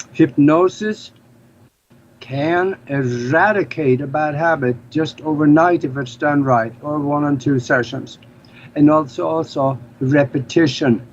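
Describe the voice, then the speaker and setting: A man's voice: a little high, a little mellow. A man from Norway, speaking English as a second language, explaining things earnestly as an interview guest. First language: Norwegian. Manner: earnest, explanatory, slightly non-native grammar. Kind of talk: casual interview talk. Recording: slightly dull lo-fi audio with faint noise.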